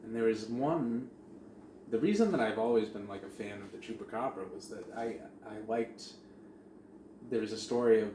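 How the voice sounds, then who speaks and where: A man co-hosting a casual podcast, telling a story in a profane, animated way. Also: lowish voice, normal speed. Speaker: podcast co-host. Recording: echoey room with faint noise.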